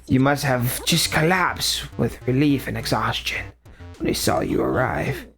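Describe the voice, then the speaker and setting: A fussy, rambling old ghost scientist, eccentric and given to long-winded asides, as a man puts him on while reading game dialogue aloud. His gravelly voice rises and falls in animated swoops. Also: mid-range voice, measured pace, faint music behind, pitched below the performer's own voice.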